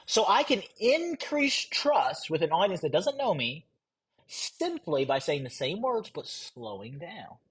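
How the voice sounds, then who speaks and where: A young man teaching a live sales course, blunt and conversational, deliberately changing his pace and tone to make his points. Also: on the high side, very animated, husky. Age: young adult. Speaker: sales coach.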